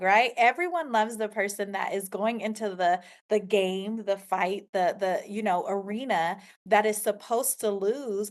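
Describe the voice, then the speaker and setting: Slow-talking woman podcast host. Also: medium pitch. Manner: warm affirming, frequent laughter. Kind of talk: conversational interview.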